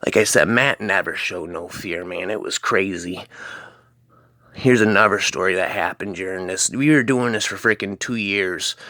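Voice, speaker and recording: A man tells a rambling, slangy anecdote in a low voice. His tone is bright and forceful, and the sound is dry and close. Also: moderate pace, dry recording. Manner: rambling, full of "man" and "freaking". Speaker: storyteller.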